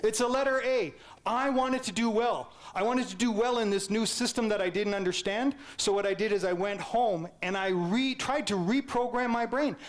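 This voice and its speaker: A man with a high, light voice and a Canadian accent gives a public lecture. He tells his story in a playful, animated way, puts questions to the audience and acts out the voices of his teachers. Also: moderate pace. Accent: Canadian English.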